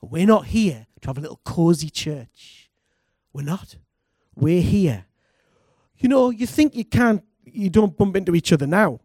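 Pastor, slightly high voice, dry close sound, animated preaching with call and response. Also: male voice, a little slow, no room sound. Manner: animated preaching, calls for congregation responses, laughs. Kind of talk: sermon.

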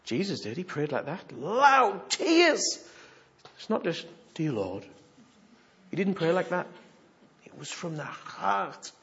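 A man preaching a sermon, animated and humorous, moving from hushed asides to loud exhortation. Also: on the high side, normal speed, vocal fry, highs cut off.

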